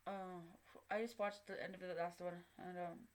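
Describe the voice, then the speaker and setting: An older woman telling a personal story in a casual vlog, soft-spoken and profane, with many fillers. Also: on the low side, level tone, normal speed. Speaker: vlogger.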